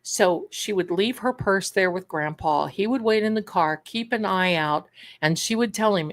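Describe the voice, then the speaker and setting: Woman host, tarot livestream; chatty storyteller, dry close sound, mid pitch. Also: animated, normal speed, no echo. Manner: chatty storyteller, addresses viewers as darlings. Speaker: host of a manifestation and tarot show. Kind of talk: casual livestream chat.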